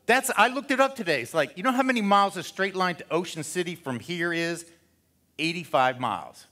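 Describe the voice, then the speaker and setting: A pastor preaching a sermon in a church in a casual, animated storytelling way, acting out what people say. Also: male voice, high-pitched, fast.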